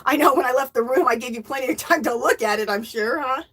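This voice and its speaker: Chatty woman doing a yarn live stream, kinda high voice, reads the chat out loud. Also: quick pace. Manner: bubbly, greets viewers by name, reads chat aloud. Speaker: livestream host.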